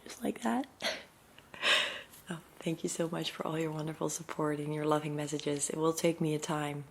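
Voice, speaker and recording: A woman who makes ASMR videos chats to her viewers in a casual vlog, talking fast and excitedly with plenty of fillers and sometimes slipping into soft whispers. Her voice is low-pitched, with slight background noise.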